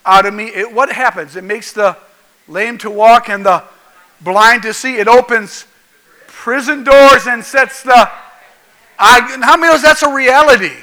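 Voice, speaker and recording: A man's voice: extremely high pitch, pushed and bright, rough recording. A male pastor preaching a folksy, jokey sermon that keeps asking the congregation questions.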